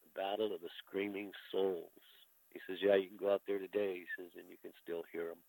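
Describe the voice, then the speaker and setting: A man's voice: low voice, little pitch movement, fairly quick, vocal fry, a little mellow, dry recording, rough recording. An older man from the United States, a veteran, telling a personal story in conversation, candid and openly emotional, with casual swearing.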